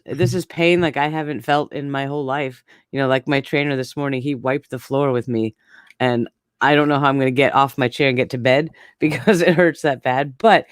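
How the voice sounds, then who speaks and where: A candid co-host in her forties talks casually in a low voice, laughing easily between thoughts. The sound is close and dry, with no room sound at all.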